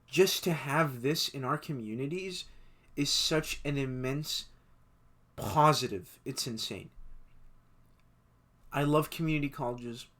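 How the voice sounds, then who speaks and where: A man's voice: mid-range voice, slow pace, long pauses, a bit bright. A man in his twenties chatting through a list of things he loves, enthusiastic and stumbling over repeated words. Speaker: vlogger. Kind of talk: casual chatty list commentary.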